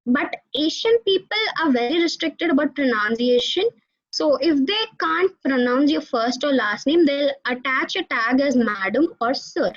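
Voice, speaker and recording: A young woman, giving an animated alumni talk to students over a video call. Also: high-pitched, normal speed. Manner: animated storytelling, addresses audience directly. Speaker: alumni guest speaker. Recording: dull lo-fi video call audio.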